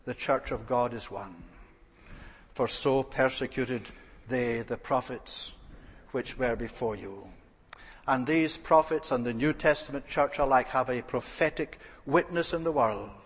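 A man's voice: mid-range voice, unhurried, breathy edge. A man preaching an earnest expository sermon, asking rhetorical questions and stressing key phrases. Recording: reverberant hall.

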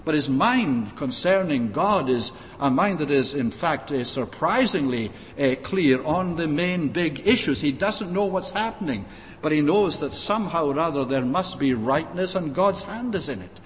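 A man's voice: on the high side, lively intonation. Man preaching in a reverberant hall. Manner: measured, frequent "uh" pauses, reads scripture in old-fashioned wording. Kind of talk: expository sermon. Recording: long reverb, faint background noise.

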